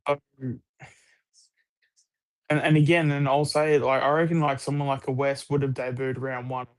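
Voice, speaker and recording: A man's voice: mid-range voice, little pitch movement, moderate pace. An Australian man chatting casually about sport on a live stream, rambling with lots of restarts and the odd swear word.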